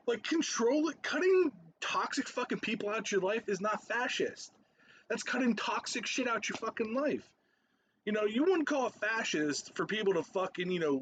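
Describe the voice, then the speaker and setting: A man's voice: high-pitched, a bit bright, muffled recording, a little hiss or hum. A man in his thirties ranting in a profane, rambling reaction commentary, repeating himself and laughing between points. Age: 30s.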